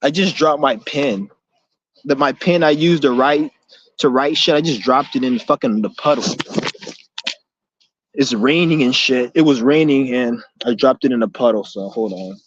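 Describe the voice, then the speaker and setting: A man's voice: mid-range voice, normal speed, muffled recording. Profane young man rambling outdoors. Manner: profane, loose, streetwise talk with many restarts. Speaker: streamer hosting a Q&A. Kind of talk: rambling livestream monologue. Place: outdoors in the rain.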